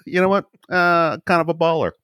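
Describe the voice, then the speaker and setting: A man in casual podcast chat, telling stories with animated asides and quoted reactions. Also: moderate pace, clean tone, no room sound, studio quality. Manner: animated storyteller, jumps high when quoting himself. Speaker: podcast co-host.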